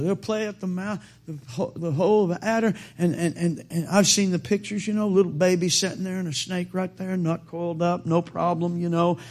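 A man preaching a sermon, quoting scripture and calling for amens, with halting restarts that build to loud, emphatic peaks. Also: sits high. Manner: quotes King James scripture, calls for amens.

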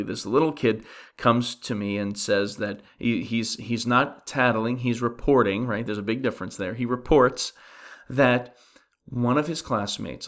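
Male pastor, middle-pitched voice, conversational sermon, earnest questions, loose restarts. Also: a bit bright. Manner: earnest, asks the listeners rhetorical questions; frequent restarts while thinking aloud. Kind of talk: conversational sermon on a Bible passage.

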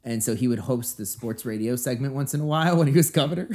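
A man's voice: medium pitch, fast, a little mellow. A man in his late twenties, a pastor, chatting in an easygoing way on a podcast. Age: late 20s. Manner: easygoing, laughs along. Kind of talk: casual chat.

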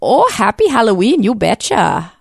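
A woman's voice: on the high side, big pitch swings, moderate pace, creaky, slightly rough, no room sound, studio quality, full character voice. A woman putting on a chirpy folksy Midwestern lady. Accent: Upper Midwest put-on.

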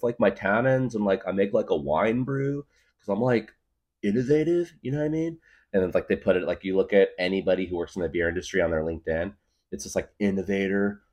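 A man with a low, deep voice that swings widely up and down as he riffs. He rambles through a casual comedic monologue, leaning on filler words and wild exaggeration. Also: darkish tone. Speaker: podcast guest, craft beer guru.

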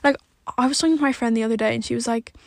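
Blunt, gravelly young woman venting. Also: fairly high pitch, fairly even intonation, no room sound. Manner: blunt and exasperated, swears a lot, fills every pause with "like". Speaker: vlogger. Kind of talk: casual rant to camera. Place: sitting in a parked car.

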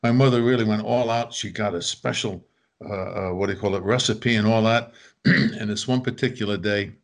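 A man's voice: fairly low pitch, moderate pace, creaky. Older man telling family stories. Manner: animated anecdote telling, acting out family quotes. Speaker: guest author. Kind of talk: casual storytelling.

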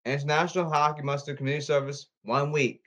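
A man's voice: fairly high pitch, fairly even intonation, a bit bright. Man in a rambling, pleading monologue. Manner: repetitive, pleading, halting delivery. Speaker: podcaster. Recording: slightly dull lo-fi audio.

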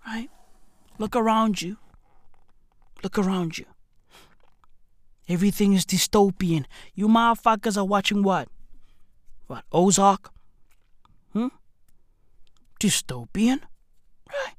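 A woman doing a profane comedic rant, swearing constantly, firing off rhetorical questions and swinging from shouts down to hushed whispers. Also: medium pitch, animated, slow pace, long pauses, dry recording, studio quality. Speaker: comedic ranter.

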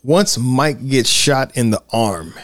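A man's voice: mid-range voice, expressive, slow pace, fairly bright tone, dry recording, clean studio sound. A man hosting a podcast, talking enthusiastically and a bit rambly about a movie, full of fillers and restarts. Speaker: podcast host. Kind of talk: casual film discussion.

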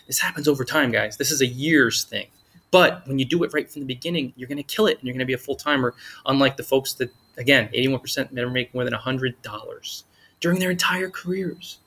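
A man's voice: mid-range voice, fast talker, pushed and bright, husky. Enthusiastic man giving casual blogging tips. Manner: upbeat, enthusiastic, informal with slang. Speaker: blogging coach. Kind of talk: casual motivational talk.

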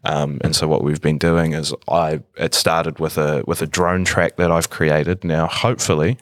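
A young man with an extremely deep voice chats as a podcast guest. He talks in an easygoing way, full of "um" and restarts. The sound is dry and close, with no room echo. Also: level tone. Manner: easygoing, halting, many fillers and restarts. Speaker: guest guitarist. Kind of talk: casual podcast chat. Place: indoor room with a painting on the wall.

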